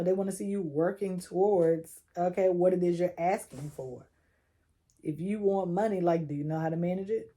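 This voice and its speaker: A woman's voice: fairly low pitch, dark tone. A woman doing a casual tarot reading, chatty and coaching, using slang and laughing now and then. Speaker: tarot reader.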